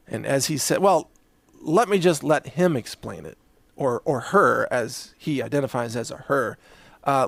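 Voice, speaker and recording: A man delivers a sarcastic opinion monologue as the host of his own show. His voice sits fairly high and swings widely in pitch as he mocks his subject. The sound is dry and close, with no room echo. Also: vocal fry, a bit bright. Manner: sarcastic, mocking, acts out quoted voices.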